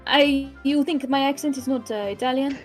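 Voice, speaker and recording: A woman's voice: high voice, moderate pace, faint music behind. A woman chatting during a group game read-through, hesitant and interrupting herself. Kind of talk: playful group game-dubbing chat.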